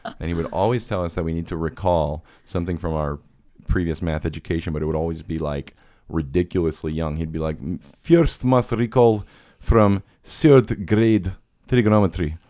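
Podcast host, man, extremely deep voice, casual rambling storyteller, crude and self-deprecating. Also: flat delivery, quick pace, dark tone, no echo, clean studio sound. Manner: rambling, profane, self-mocking with quoted impressions.

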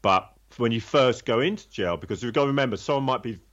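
A man's voice: mid-range voice, expressive, quick pace, a bit bright, highs cut off. A man telling his own story in a candid, conversational way, blunt and swearing freely, rambling with restarts.

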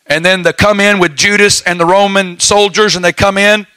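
A man preaching a sermon, telling stories in a folksy way with lively asides. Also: high-pitched, normal speed, smooth, no room sound, low-quality recording.

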